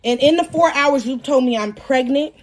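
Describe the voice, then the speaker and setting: A young woman hosting a live stream, telling a personal story in a loud, animated way, cursing freely and laughing often. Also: high voice, normal speed. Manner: animated, profane and laughing as she tells the story.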